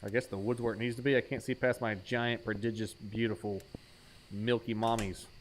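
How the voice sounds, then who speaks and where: A man's voice: lowish voice, flat delivery, brisk, a little hiss or hum. A man streaming a horror game in a casual, jokey way, calling out items as he plays and teasing himself. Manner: jokey, self-mocking, names items aloud while playing. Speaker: gaming streamer. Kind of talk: casual let's-play commentary.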